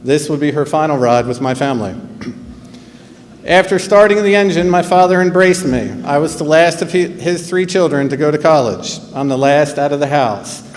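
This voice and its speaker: A man in his fifties with a New Jersey accent, giving a graduation speech as school principal in an earnest, measured way with pauses. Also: a little high. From New Jersey, USA. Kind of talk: commencement speech. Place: large auditorium or arena. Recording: long hall reverb, faint hum.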